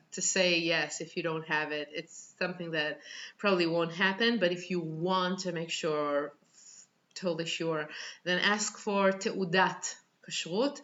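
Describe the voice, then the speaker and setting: A woman with an Israeli accent explains Hebrew words step by step, laughing often as she teaches. Her voice sits low but sounds bright, and the recording is a little dull and lo-fi. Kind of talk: reaction video lesson.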